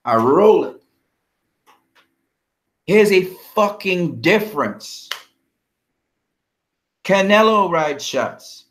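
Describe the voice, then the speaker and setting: A fired-up man with a slightly higher-pitched voice, swearing hard as he rants about a fight. He talks confrontationally, hurling insults and firing off questions at his critics in blunt commentary. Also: very animated, extremely slow, long pauses, fairly bright tone. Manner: heated, profane, confrontational. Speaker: boxing vlogger.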